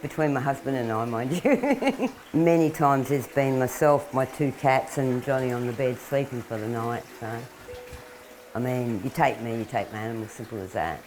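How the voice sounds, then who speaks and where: A woman's voice: extremely low pitch, normal speed, a little mellow, a little hiss or hum, poor audio. A middle-aged Australian woman, a wildlife carer, chatting casually and laughing often as she talks about the animals she keeps at home. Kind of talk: casual talk to camera while feeding animals. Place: indoors at home.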